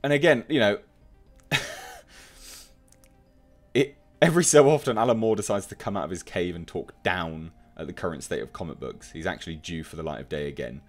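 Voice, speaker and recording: A man's voice: deep voice, quick pace, few pauses, faint music behind. A man giving opinionated commentary, reading out online comments and mocking them with emphatic scorn. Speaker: commentary youtuber.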